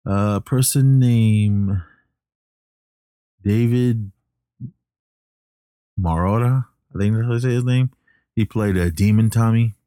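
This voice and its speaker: Deep-voiced man casually rambling. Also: slow, long pauses, dark tone, clean tone, no room sound, studio quality. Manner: rambling, hesitant, many fillers and restarts. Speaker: movie recapper. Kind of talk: casual movie recap.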